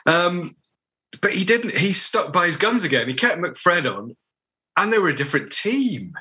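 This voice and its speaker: A man's voice: sits high, sing-song, normal speed, pushed and bright. A man co-hosting a football podcast, rambling casually through his views and often restarting his sentences. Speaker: podcast co-host.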